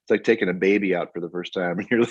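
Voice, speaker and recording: Talking fast in a low, breathy-edged voice, a man in his fifties tells lively stories as a guest songwriter in a relaxed interview, laughing frequently. There's no echo, but the audio is dull and lo-fi.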